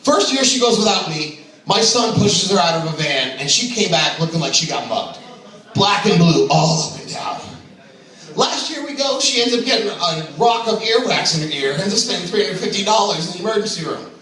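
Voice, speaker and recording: A brash male stand-up comic with a bright, high voice that swoops up and down as he jokes, chuckling at his own lines. He is picked up from far off in a very echoey club room. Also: very animated, a little fast. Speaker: stand-up comedian. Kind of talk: open mic stand-up. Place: comedy club stage.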